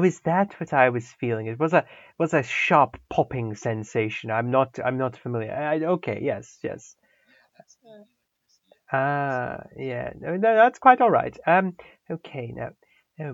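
A man doing a fussy gentleman. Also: medium pitch, dry recording, lightly acted. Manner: polite, flustered, stammers and mutters to himself. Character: fussy, prim adult male English gentleman. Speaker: player voicing his character. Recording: dull, lo-fi mic.

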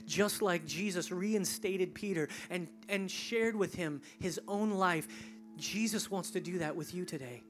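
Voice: mid-range voice, measured pace, faint music behind. A pastor giving an altar call in a large church during a service, shifting between intense near-whispers and rising, fervent appeals. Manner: intense, drops to near whisper, then rises.

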